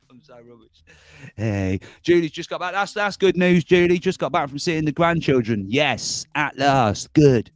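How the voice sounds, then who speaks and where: A man's voice: fairly high pitch, animated, takes it slowly, dry recording. A man hosting a casual livestream, rambling and chuckling as he reads out viewer comments. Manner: chuckling, rambling, self-mocking. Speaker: livestream host.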